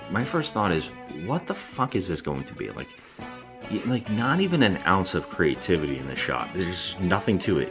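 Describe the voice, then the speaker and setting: A man co-hosting a podcast, chatting casually and jokingly about a film. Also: sits low. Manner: rambling, jokey, acts out scenes. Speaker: podcast co-host. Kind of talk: casual chat reviewing a film.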